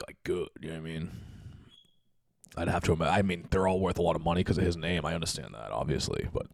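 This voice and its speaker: Deep-voiced man rambling on a podcast. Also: dark tone, dry recording, studio quality. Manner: rambling, profane and self-mocking. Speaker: podcast host. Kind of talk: casual podcast monologue. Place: home basement.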